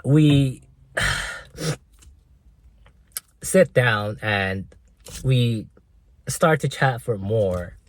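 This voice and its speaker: A young man tells a personal story at an unhurried pace, his pitch rising and falling a lot. He hesitates often, leaning on fillers and tag questions, in a dry, close recording. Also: expressive, no room sound. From Korea. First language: Korean. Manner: hesitant, full of fillers and "right?" tags. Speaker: vlogger. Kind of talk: casual storytelling vlog.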